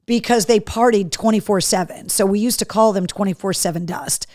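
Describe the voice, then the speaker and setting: A woman's voice: medium pitch, lively intonation, normal speed, hardly any pauses, no room sound, clean studio sound. A woman hosting a live show in casual chat, talking easily and reading viewer comments aloud. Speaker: host.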